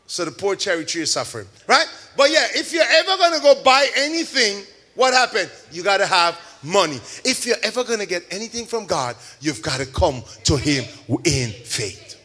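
A man preaching a sermon to a congregation, shouting key words, drawing out call-and-response and mixing in chatty everyday examples. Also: high voice, big pitch swings, normal speed. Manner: homely store examples, chatty asides. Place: church service with a congregation.

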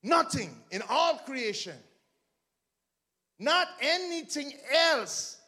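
A male pastor preaching with fervor, his high, bright voice leaping across a huge range. He swings from rising shouted refrains to teasing asides to the congregation. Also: sing-song, takes it slowly. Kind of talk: preaching a sermon.

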